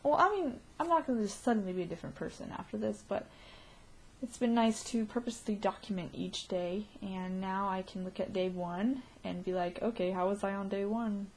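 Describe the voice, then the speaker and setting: Female vlogger, giggly and rambling, husky voice with gravelly fry. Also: mid-range voice, fairly even intonation, fairly quick, darkish tone. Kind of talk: casual video diary.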